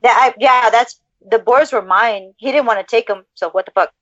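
A woman's voice: fairly high pitch, moderate pace, fairly bright tone, no echo. A woman hosting a casual podcast chat, gushing and effusive, cooing to pets on a video call. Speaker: podcast host. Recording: dull lo-fi dry sound.

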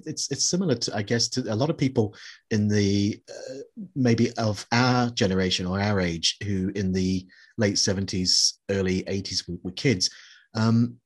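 Husky low-voiced middle-aged man. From New Zealand. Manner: reflective, halting, many fillers. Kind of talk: casual chat.

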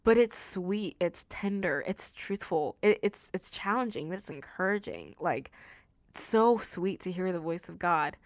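A woman's voice: lowish voice, lively intonation, a little slow, dry recording, studio quality. A woman hosting a faith podcast, speaking in an earnest, tender and emotional way, often saying "like". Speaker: podcast host. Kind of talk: heartfelt faith podcast monologue.

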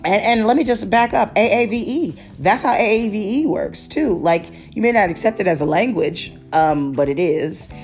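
A woman's voice: mid-range voice, normal speed, hardly any pauses, a little mellow, faint music behind. A woman podcast host from Baltimore chatting casually about a TV series, rambling with restarts and fillers. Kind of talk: casual TV review chat.

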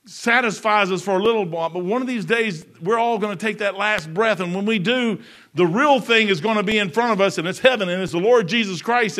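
Preaching with folksy emphasis, this man alternates between booming outcries and softly murmured passages.

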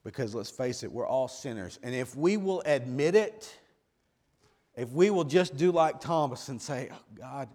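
Man, middle-aged, preacher, sermon, hushed and slow then hollering loud. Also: mid-range voice, expressive.

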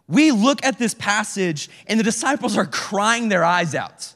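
A man preaching a casual, animated sermon as a youth pastor, acting out prayers and using slang. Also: sits high, normal speed, few pauses. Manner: animated, acts out prayers in character. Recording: reverberant hall.

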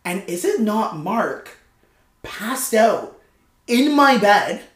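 A man in casual podcast chat, spinning a lively anecdote and jumping into other people's voices as he goes. His tone is bright and forward, and the room gives it a noticeable echo. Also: sits high, very slow. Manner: animated storytelling, acting out voices. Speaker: guest comedian. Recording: roomy echo.

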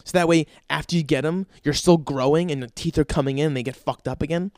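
A man's voice: fairly high pitch, fast, a little mellow, dry recording, studio quality. A man in his thirties doing a profane, rambling comedic rant and jumping into other people's voices. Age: 30s. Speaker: stand-up comedian.

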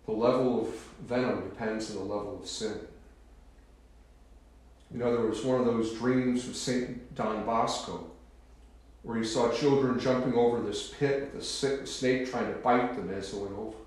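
A man preaching a sermon in a solemn, emphatic, deliberate manner, pausing to stress key words, in a church. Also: fairly low pitch, steady tone, a little mellow. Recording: very echoey room.

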